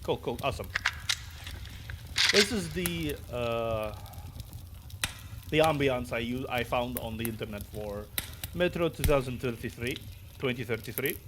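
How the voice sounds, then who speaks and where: On a very noisy recording, a man with an expressive mid-range voice speaks unhurriedly, leaving long pauses. He has a slight Russian accent, seems a little sick, and rambles loosely while setting up a book-reading stream, restarting often and muttering asides.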